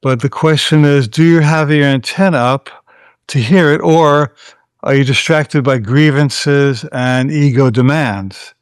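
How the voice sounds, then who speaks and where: A man, a guest author and teacher, explaining spiritual ideas in a calm, measured way. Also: medium pitch, clean tone, dry recording, studio quality. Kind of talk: spiritual conversation.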